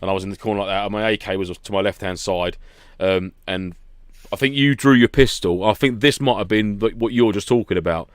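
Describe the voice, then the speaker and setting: Guy on a podcast, lowish voice, dry close sound, rambling stories with the odd swear. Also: fairly quick, smooth, no echo. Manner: chatty storyteller, swears casually. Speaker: podcast co-host. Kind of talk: casual chat.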